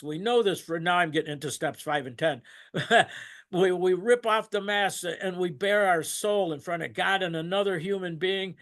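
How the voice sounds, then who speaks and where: His voice is high-pitched and fairly bright. An older man at a recovery meeting shares a personal story in a loose, rambling, emotional way, breaking into laughs and getting choked up along the way.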